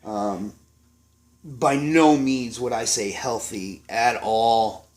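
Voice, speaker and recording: A man's voice: medium pitch, takes it slowly, darkish tone. A man in his forties, a chef, telling kitchen stories in a rambling, profane, casual way, full of ums and restarts. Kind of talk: casual storytelling to camera.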